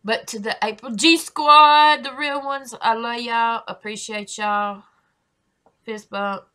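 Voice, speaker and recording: A woman hosting a casual reaction video, speaking slowly and deliberately. Her tone is bright and forward. She swears freely, apologizes often, and addresses her viewers as y'all. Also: fairly high pitch, steady tone, smooth.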